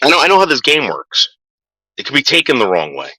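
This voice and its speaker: A man's voice: medium pitch, huge pitch swings, quick pace, pushed and bright, breathy edge, dry recording, rough recording. Profane stammering man ranting. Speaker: vlogger. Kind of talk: casual rant.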